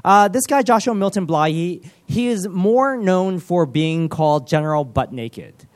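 A man's voice: high voice, animated, unhurried. A man giving a sermon, retelling a story earnestly with many fillers.

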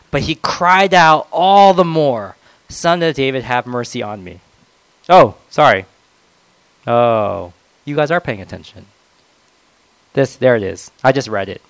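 A man preaching a conversational sermon, swinging between loud, emphatic moments and soft, reflective ones. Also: medium pitch, no echo, poor audio.

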